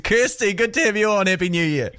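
Playful New radio host. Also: male voice, high voice, expressive, quick pace, fairly bright tone. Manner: playful, teasing. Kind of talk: joking breakfast radio chat.

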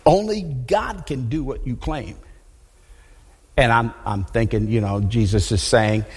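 A man preaching a sermon, animated and folksy, who often restarts his phrases. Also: medium pitch, unhurried, husky. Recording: long hall reverb.

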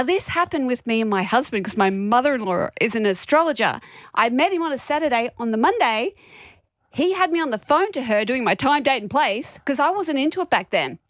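Aussie woman radio host, highish voice, dry studio sound, chatty and quick. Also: no echo. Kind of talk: casual radio banter. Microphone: studio mic.

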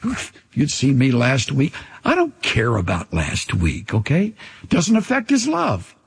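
A man preaching a sermon, earnest and unhurried, pausing often and dropping his voice almost to a whisper to make a point. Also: mid-range voice, wildly swooping pitch, gravelly, husky. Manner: earnest, pauses often, drops to near-whispers for emphasis. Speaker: pastor. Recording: long hall reverb.

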